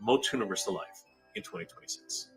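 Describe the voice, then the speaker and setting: A man's voice: on the low side, quick pace, faint music behind. Man hosting a livestream, emotional, stumbles over his words, casual. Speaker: livestream host reading comments.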